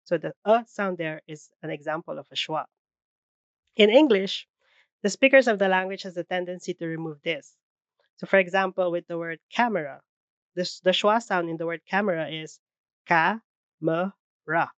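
A woman's voice: fairly low pitch, dry recording, lo-fi sound. A woman giving a classroom presentation on phonetics, explaining carefully with frequent fillers.

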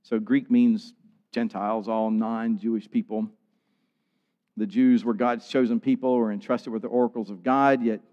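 A man preaching a sermon in an earnest way, building to emphatic peaks. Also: mid-range voice. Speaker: pastor. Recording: dull sound with long hall reverb.

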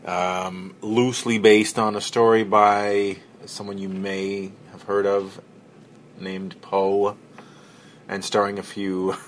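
A man hosting a casual solo podcast, talking in a relaxed, rambling way with many fillers. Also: fairly low pitch, slow pace, a little hiss or hum. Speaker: podcast host and film reviewer.

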